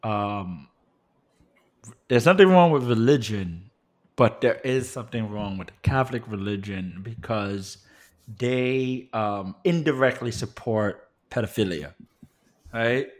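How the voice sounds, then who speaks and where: Animated, profane young man telling a story. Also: on the low side, slow. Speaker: podcast co-host. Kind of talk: casual storytelling chat.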